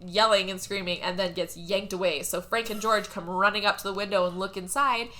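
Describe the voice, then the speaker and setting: Giggly, bright-voiced young woman. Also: mid-range voice, brisk. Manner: giggly, animated storyteller. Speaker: podcast co-host. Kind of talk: casual movie recap.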